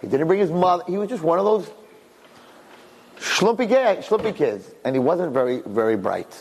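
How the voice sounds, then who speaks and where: A middle-aged man, a rabbi, telling stories to an audience in an animated way, repeating phrases and acting out dialogue. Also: a little high, moderate pace, slightly rough. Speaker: rabbi and speaker. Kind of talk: storytelling talk to an audience. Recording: long reverb in a hall.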